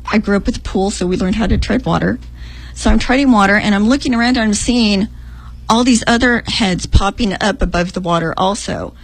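Husky-voiced woman telling a dream. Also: poor audio. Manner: animated, acts out her own lines in a higher voice. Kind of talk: emotional storytelling.

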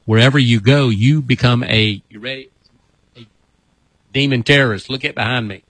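A man's voice: medium pitch, normal speed, fairly bright tone, no echo, low-quality recording. A man preaching as a deliverance minister on a broadcast, repeating commands for spirits to come out in a folksy, rambling way. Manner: repetitive commanding exorcism chants.

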